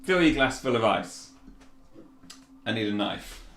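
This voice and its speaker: A man hosting a relaxed cocktail demonstration, chatting casually as he makes a drink. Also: mid-range voice, a little slow, roomy sound, slight background noise. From Yorkshire, England. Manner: chatty and relaxed, with fillers and restarts. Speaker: bartender host.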